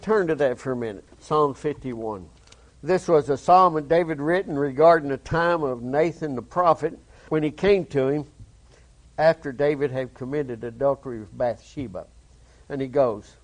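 A man preaching a sermon, reading a psalm aloud and explaining it in plain, folksy words to his listeners. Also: a little high. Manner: reads scripture slowly, explains in plain everyday speech.

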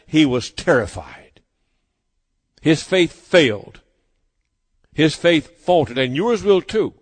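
A fairly high-voiced man delivers a sermon in an emphatic, insistent way, circling back to the same phrases to press them home. His voice rings out with a long, lingering reverb, as if filling a large hall. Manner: emphatic, repeats phrases for weight. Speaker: preacher.

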